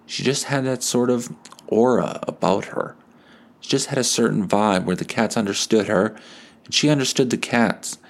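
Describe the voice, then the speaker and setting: A man's voice: on the low side, normal speed, vocal fry. A male podcast host improvising a story, rambling and laughing at himself. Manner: rambling, laughs at his own tale.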